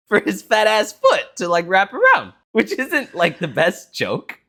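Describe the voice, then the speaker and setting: A man's voice: sits high, slow pace. Rambling young man telling a story. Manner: rambling, animated, laughs through his story. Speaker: podcast co-host. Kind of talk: casual storytelling chat.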